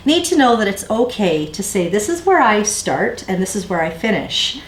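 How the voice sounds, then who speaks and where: A woman's voice: mid-range voice, very animated, normal speed. A woman co-hosting a parenting talk, affirming and agreeing often as she shares her own experience as a mother. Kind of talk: conversational discussion on parenting. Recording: echoey room with faint noise.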